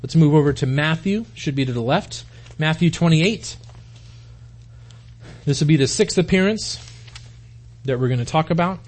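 A man's voice: fairly high pitch, moderate pace, long pauses, darkish tone. A man preaching a sermon in an earnest way, often repeating words as he starts a phrase. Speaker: pastor.

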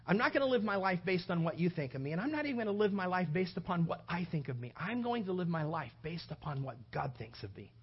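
A man's voice: high-pitched, fast, hardly any pauses, slightly rough, dull audio. A male pastor preaching a sermon, acting out everyday scenes with playful shifting voices. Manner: animated, acts out little scenes with shifting voices.

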